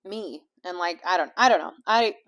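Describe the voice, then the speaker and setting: A woman's voice: lowish voice, normal speed, fairly bright tone. Rambling woman chatting while cooking. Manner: rambling, full of fillers and swearing. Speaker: vlogger and life coach. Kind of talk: candid casual chat while cooking. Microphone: small clip-on mic.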